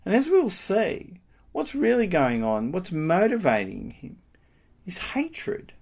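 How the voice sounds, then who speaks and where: A man preaching a sermon, animated and emphatic, asking rhetorical questions. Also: high voice, takes it slowly, gravelly, husky.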